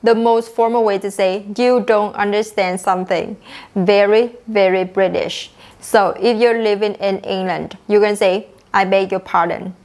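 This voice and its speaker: A young woman leads an online English lesson. She speaks at a middle pitch, explains each point clearly, and acts out the example phrases. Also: fairly even intonation, measured pace, darkish tone. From Vietnam. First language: Vietnamese. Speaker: English teacher.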